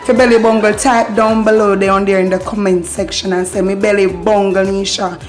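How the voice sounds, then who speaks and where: A woman's voice: mid-range voice, fairly even intonation, quick pace, soft background music. A woman with a Jamaican accent giving a playful, casual patois lesson, laughing often and repeating phrases. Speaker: online patois teacher.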